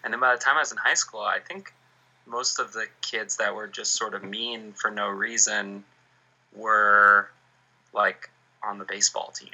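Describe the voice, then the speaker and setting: A man's voice: on the low side, steady tone, normal speed, bright, forceful tone, husky, dull audio. A man in a casual chat who speaks hesitantly and keeps restarting his sentences.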